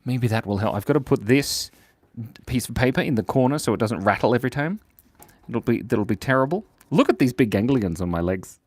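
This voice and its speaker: Lively, chatty man drawing on a livestream. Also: medium pitch, fairly quick, no room sound. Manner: chatty and playful, reads viewer comments aloud, giggles often. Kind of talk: casual live-stream chat while drawing.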